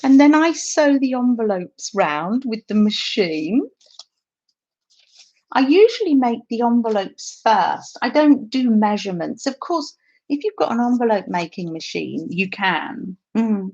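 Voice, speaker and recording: Woman, craft livestream host, chatty and giggly, lively pitch swings, slow easy pace, dull lo-fi sound. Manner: chatty, giggly, restarts often. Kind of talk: casual craft demonstration to live chat.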